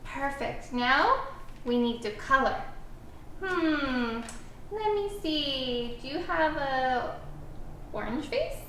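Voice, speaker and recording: Lively high-voiced woman teaching a child. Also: slow pace, long pauses, a little hiss or hum. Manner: animated, encouraging, step-by-step prompting. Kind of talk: guided writing lesson for a young child. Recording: echoey room, mic at a distance.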